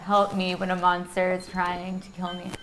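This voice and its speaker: A woman co-hosting a game stream, reacting with excited exclamations and quick questions. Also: lowish voice, slight background noise, low-quality recording. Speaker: co-host. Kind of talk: casual chat.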